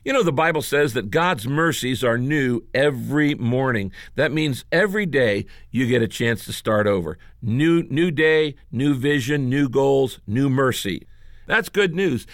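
A pastor preaching a sermon in an earnest, emphatic way, asking rhetorical questions. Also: male voice, mid-range voice, lively intonation, normal speed, long reverb tail.

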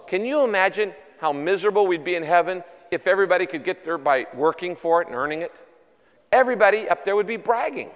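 A man's voice: high-pitched, lively intonation, quick pace. A man preaching a sermon, conversational and emphatic, acting out the people he quotes. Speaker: pastor. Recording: long hall reverb.

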